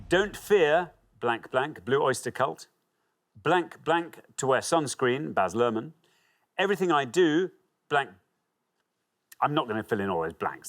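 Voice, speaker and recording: A man's voice: mid-range voice, fairly bright tone. A man hosting a TV quiz show, reading clues and teasing contestants in a playful way. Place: TV studio.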